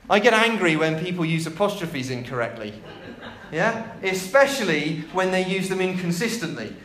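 A man's voice: high voice, animated, normal speed, fairly bright tone, echoey room. A man preaching a chatty, jokey sermon.

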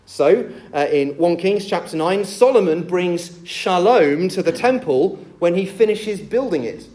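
Lively male preacher giving a sermon. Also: high voice, unhurried. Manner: lively, jokey storytelling delivery.

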